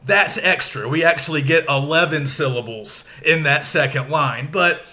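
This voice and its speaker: A man teaching a recorded lecture, explaining slowly and stressing syllables aloud to show the rhythm. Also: a little high, pushed and bright.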